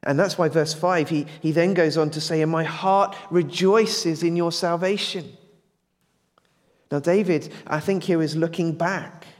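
A man's voice: on the high side, fairly even intonation, unhurried. A man preaching an evening sermon, earnest and questioning, growing emphatic as he presses his point. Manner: earnest, building to emphatic, asks the congregation questions. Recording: long hall reverb.

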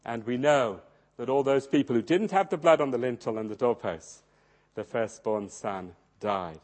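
A man preaching a sermon, swinging dramatically between loud emphasis and hushed low tones. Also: normal speed. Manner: acts out quoted voices in his storytelling.

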